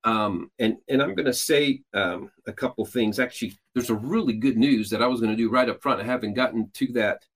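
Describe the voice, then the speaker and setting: A man's voice: medium pitch, fairly quick, hardly any pauses. A man hosting a show, talking loosely and explaining at length, with frequent restarts and filler sounds. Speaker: host. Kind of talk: casual teaching talk.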